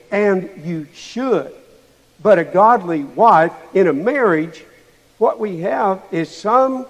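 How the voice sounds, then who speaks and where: A man preaching a sermon to a congregation, asking them rhetorical questions as he goes. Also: sits high. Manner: asks the listeners rhetorical questions. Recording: long hall reverb.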